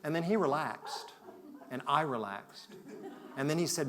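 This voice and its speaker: A man giving a conference talk, telling a story in a reflective way that moves between loud and hushed. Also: fairly high pitch, expressive, a little slow, a crowd in the background. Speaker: conference speaker. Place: conference hall.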